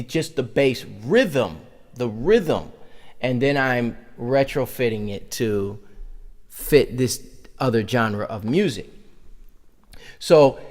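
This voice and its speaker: A man teaching a conga lesson, counting beats aloud and vocalizing drum sounds as he demonstrates. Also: mid-range voice. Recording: reverberant room with loud congas.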